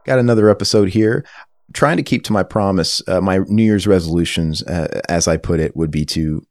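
A man hosting a casual podcast chat across a table, energetic and rambling with fillers. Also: low-pitched, brisk, dry recording, studio quality. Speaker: podcast host. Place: table in a room.

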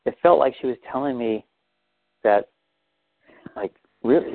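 Calm man guiding a tapping session. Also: mid-range voice, measured pace, creaky, no room sound. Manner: calm, guiding, feeds lines to repeat. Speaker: tapping therapy facilitator. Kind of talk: guided tapping therapy session. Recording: thin phone-like audio, dry.

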